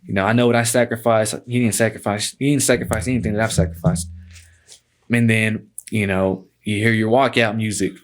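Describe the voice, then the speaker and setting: A man's voice: lowish voice, little pitch movement, fairly quick, slight background noise. A man in his twenties, a podcast guest telling stories casually, laid-back and profane, dropping "man" into nearly every sentence. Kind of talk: casual storytelling.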